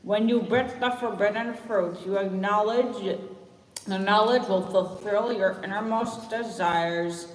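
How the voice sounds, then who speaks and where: A woman reading as a calm, lecherous wizard professor. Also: mid-range voice, unhurried, lightly acted. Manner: calm and soft. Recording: echoey convention hall.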